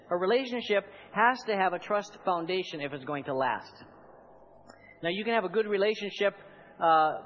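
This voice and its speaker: A high-pitched man preaching with rising fervor, pressing his points through insistent repetition. He calls on the congregation to answer him back. The recording is a little muffled, with faint hiss behind him. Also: fairly bright tone. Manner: building to fervent, emphatic repetition. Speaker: pastor. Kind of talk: sermon.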